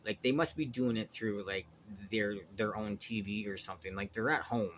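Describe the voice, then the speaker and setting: Agitated swearing man, low voice. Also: normal speed, fairly bright tone, a little hiss or hum. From Canada. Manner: agitated, swears constantly, trails off and restarts. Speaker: vlogger. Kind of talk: rambling monologue.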